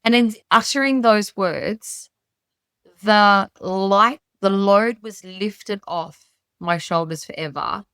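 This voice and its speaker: A middle-aged woman with an Australian accent, telling a personal story as a guest on a podcast call in a lively, rambling way. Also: mid-range voice, takes it slowly, clear, resonant tone, dry recording. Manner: animated, rambling storyteller who acts out her own past thoughts. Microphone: remote call.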